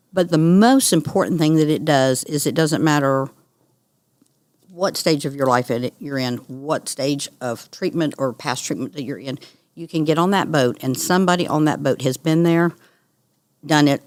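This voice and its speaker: A middle-aged woman, a guest on an interview, telling her story in an earnest, animated way. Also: low voice, moderate pace, dry recording. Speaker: guest, cancer survivor. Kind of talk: conversational interview.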